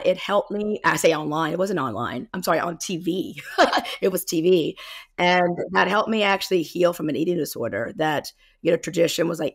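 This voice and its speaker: Gravelly Southern woman in her fifties. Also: sits low, no echo, studio quality. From South Carolina, US. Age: 50s. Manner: candid, rambling, self-correcting. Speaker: guest, embodiment coach. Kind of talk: casual interview.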